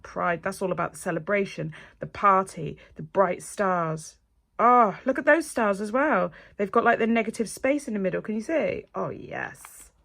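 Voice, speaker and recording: A middle-aged woman, chatting casually as a nail technician. She gushes and gets excited, and sometimes drops to a breathy whisper. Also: on the low side. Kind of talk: casual unboxing chat.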